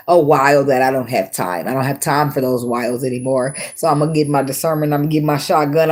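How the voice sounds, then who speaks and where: A woman's voice: rumbling low, warm tone. A woman giving a casual tarot reading, talking bluntly with plenty of profanity and frequent laughs. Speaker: tarot reader.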